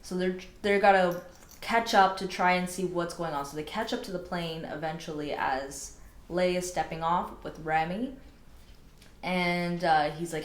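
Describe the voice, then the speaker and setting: A woman's voice: on the low side, steady tone, unhurried. A woman casually retelling a novel's plot with playful, dramatic asides. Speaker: book recap vlogger. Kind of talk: casual storytelling recap.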